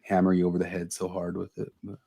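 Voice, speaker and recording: Blunt low-voiced male podcast host. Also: monotone, quick pace, vocal fry, mellow, breathy edge, dry recording. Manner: blunt, opinionated, swears freely. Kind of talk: casual podcast chat.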